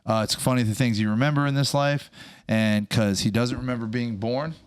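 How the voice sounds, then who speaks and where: Brief: male podcast host, 30s, animated, asks lots of quick questions. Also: medium pitch, smooth. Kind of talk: casual chat.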